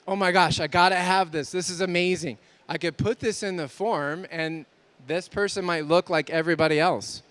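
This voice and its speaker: A man giving an energetic conference talk to exhibitors, asking many rhetorical questions. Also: fairly high pitch, clean tone, dry recording. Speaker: conference speaker.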